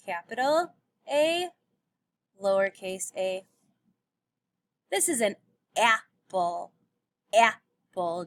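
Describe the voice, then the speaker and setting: A woman teacher giving a recorded phonics lesson to young children, patiently sounding out letters and words. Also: on the high side.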